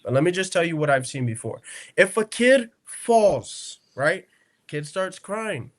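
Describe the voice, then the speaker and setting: A man with a slightly raised voice tells stories on a podcast, animated and conversational. He jumps into the voices of the people he describes and keeps checking in with "right?" and "okay?". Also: sits high, a little slow. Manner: animated storyteller who acts out quotes; peppers speech with "right?" and "okay?". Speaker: podcast co-host. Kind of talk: casual podcast storytelling.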